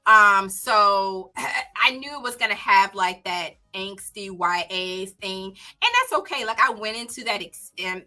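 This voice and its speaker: A woman with a Southern country accent chatting casually on her book livestream, animated and exclaiming. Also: medium pitch, a little slow. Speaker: book channel host.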